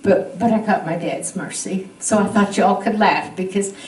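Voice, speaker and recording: A woman's voice: mid-range voice, moderate pace, a little hiss or hum. Older woman telling folksy stories. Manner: folksy, animated. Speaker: church member telling a story. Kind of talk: humorous personal storytelling. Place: church gathering room. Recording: roomy, distant mic.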